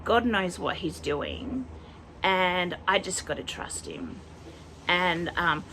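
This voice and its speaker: A woman's voice: on the low side, lively intonation, slow, fairly bright tone, a little hiss or hum, poor audio. A woman, chatting heartfelt about her year in a personal vlog. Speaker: vlogger. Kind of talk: personal year-in-review chat.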